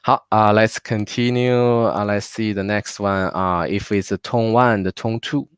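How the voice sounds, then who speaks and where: Low smooth voice, man w teaching online, dry close sound. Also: fairly even intonation, a little slow, no echo. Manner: patient, drills words aloud with many fillers. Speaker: Mandarin teacher. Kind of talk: live online language class. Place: home.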